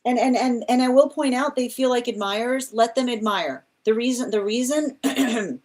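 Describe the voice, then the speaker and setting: A woman's voice: fairly high pitch, normal speed, darkish tone. Rambling, exasperated woman reading tarot. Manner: rambling, many restarts, exasperated asides; laughs often while mocking. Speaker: tarot reader.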